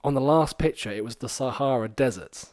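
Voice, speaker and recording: A man hosting a podcast, telling a story in a rambling, animated way with lots of fillers. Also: mid-range voice, brisk, dry recording. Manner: rambling and animated, many fillers, acts out quoted lines. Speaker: podcast host.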